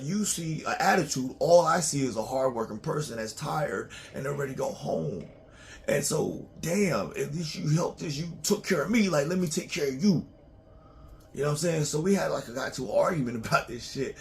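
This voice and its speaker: A man's voice: fairly high pitch, creaky, slight background noise. A man talking casually in a loose, profane, rambling monologue to his own channel, often breaking into laughs. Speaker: vlogger.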